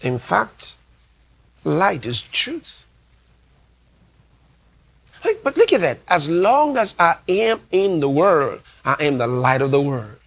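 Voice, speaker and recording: A man's voice: a little high, big pitch swings, gravelly, fairly bright tone. A man preaching a sermon as a pastor, delivering emphatic lines, repeating key phrases and reading scripture aloud. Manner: reads scripture aloud slowly.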